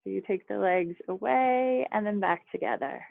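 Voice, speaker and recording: A woman leading a yoga class over a video call, giving calm, chatty cues with little laughs and asides. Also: mid-range voice, moderate pace, vocal fry, no echo. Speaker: yoga instructor. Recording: dry, phone-like video call audio.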